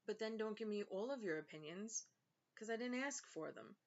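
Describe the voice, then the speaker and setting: A woman's voice: medium pitch, lively intonation, moderate pace. A young woman venting in a casual vlog, sarcastic and exasperated, with lots of fillers. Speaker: vlogger and author. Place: home. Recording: slightly dull lo-fi sound.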